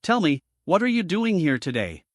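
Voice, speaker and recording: A man's voice: high voice, sing-song, normal speed, dry recording. A man reading a cold, stern woman director. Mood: curt. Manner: curt and dry. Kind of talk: read-aloud dialogue in a recap.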